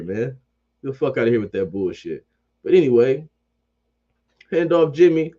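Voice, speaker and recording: A man's voice: fairly high pitch, warm tone, lo-fi sound. A man ranting about sports as a fan commentator. He swears constantly, repeats phrases, and keeps up a heated, profane energy.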